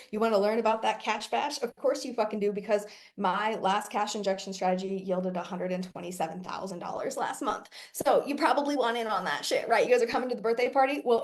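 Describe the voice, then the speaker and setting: A woman's voice: medium pitch, darkish tone. Brash, swearing woman coach, casual monologue, laughs a lot. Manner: brash, profane, laughs often. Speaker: business coach.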